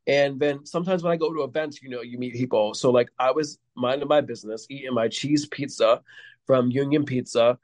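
A man's voice: medium pitch, dry recording. A man, a podcast guest, telling rambling stories in casual chat with lots of fillers. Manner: rambling storyteller, heavy with fillers.

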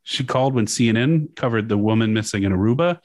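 Low-voiced man on a dry mic. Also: lively intonation, darkish tone, no room sound. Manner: casual, profane, halting with fillers. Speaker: podcast host. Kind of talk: casual chat reading news quotes aloud.

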